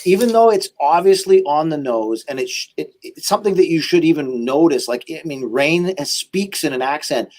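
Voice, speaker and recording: A man hosting a casual comics podcast, animated and excitable, often talking over his guest. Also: a little high, moderate pace, few pauses. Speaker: podcast host.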